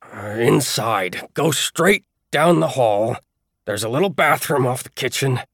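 A man voicing a curt, irritable old man who is hurt and in pain, speaking in a gruff, terse way. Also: medium pitch, animated, a little slow, fairly bright tone, dry recording, clean studio sound, voice pushed up. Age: older.

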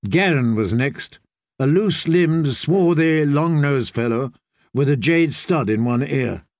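Male audiobook narrator, slow and measured, lively pitch, dry close sound. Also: no room sound. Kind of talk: scripted narration.

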